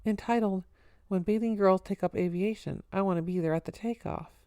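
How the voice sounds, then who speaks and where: A woman's voice: medium pitch, fairly quick, warm tone, no echo, clean studio sound, natural voice. A woman reading the part of a cocky young man, slangy and wisecracking. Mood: showy. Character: brash cocky young man, show-off party guest.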